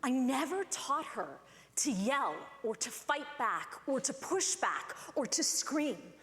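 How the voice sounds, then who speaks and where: A woman giving a conference talk, telling a personal story in an animated way and acting out the voices of the people in it. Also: high-pitched, slow. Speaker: conference speaker. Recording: echoey hall with long reverb.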